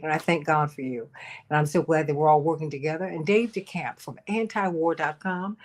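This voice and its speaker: A woman hosts a political talk radio show in a lowish voice. She is emphatic and stretches out the key figures, repeating them slowly for effect. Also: a little mellow.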